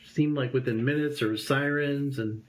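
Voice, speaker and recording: An interview guest in his fifties brings a personal anecdote to life, voicing the people he remembers in a lively way. He talks at a moderate pace in a mid-range voice.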